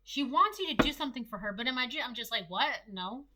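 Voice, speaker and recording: A woman's voice: high voice, expressive, very fast, pushed and bright, slight background noise. A young woman giving a casual solo tarot reading, rambling and chatty with lots of fillers. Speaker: tarot reader.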